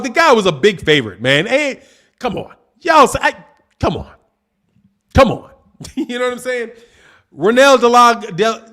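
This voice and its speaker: A man's voice: extremely high pitch, a bit bright. A man hosting a live boxing stream, arguing combatively and mockingly with his viewers while reading super chats. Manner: combative, mocking, trash-talking. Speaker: boxing channel host.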